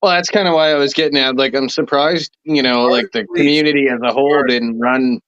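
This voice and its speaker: A man's voice: mid-range voice, fairly even intonation, fairly quick, fairly bright tone, no room sound. A man in casual podcast chat, swearing offhandedly as he makes his point. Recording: dull, muffled mic.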